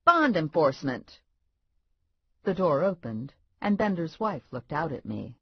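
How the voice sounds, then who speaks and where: A woman reading a first-person audiobook with wry, deadpan asides and a pitch that moves around a lot. Her voice is a touch husky, and the recording is dry and dull, lacking crispness. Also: normal speed, no room sound. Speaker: audiobook narrator. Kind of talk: first-person scripted narration.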